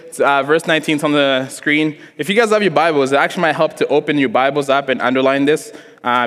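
A young man from Africa giving an animated, joking sermon to a congregation, telling a story from his childhood and acting out the voices in it. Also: a little high. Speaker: preacher. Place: church hall before a congregation. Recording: long hall reverb.

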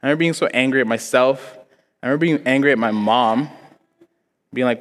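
A young man from Africa giving an animated, joking sermon to a congregation, telling a story from his childhood and acting out the voices in it. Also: medium pitch, a little fast. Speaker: preacher. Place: church hall before a congregation. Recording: long hall reverb.

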